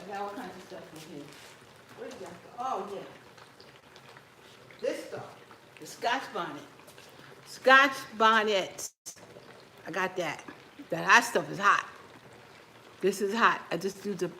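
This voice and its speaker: A woman's voice: mid-range voice, fairly bright tone, slight background noise. A woman chatting casually to her viewers in her home kitchen while tasting food, talking with her mouth full and laughing often. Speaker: cooking vlogger.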